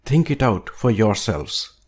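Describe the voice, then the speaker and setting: A man reading an audiobook aloud with a measured, emphatic delivery. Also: fairly low pitch, very animated, a little mellow, slightly rough. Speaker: audiobook reader.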